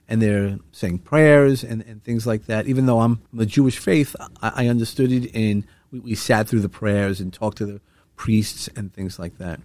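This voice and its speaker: A man's voice: medium pitch, darkish tone, dry recording. Earnest man telling a heartfelt story. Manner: earnest, heartfelt, rambling with restarts. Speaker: vlogger sharing a personal story. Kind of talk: reflective personal storytelling.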